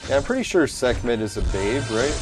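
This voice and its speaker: A man at a mid pitch commentating on a game, grumbling, swearing and muttering to himself as the fights go badly. Game music plays clearly under his voice. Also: big pitch swings, a little fast. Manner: cursing, easily frustrated, talks to himself. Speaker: gaming channel host. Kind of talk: casual gameplay commentary.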